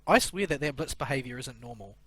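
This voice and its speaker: A man's voice: mid-range voice, animated, fast talker, a bit bright, slightly rough, no room sound. A man in a casual gaming voice chat, grumbling with dry sarcasm into a headset mic. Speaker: gamer on voice chat.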